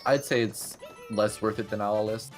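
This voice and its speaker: This man calls a speedrun race with a relaxed, conversational flow. His voice sits a little low, and faint music plays underneath. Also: moderate pace. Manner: casual, chatty, thinks aloud with fillers. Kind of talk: live game commentary.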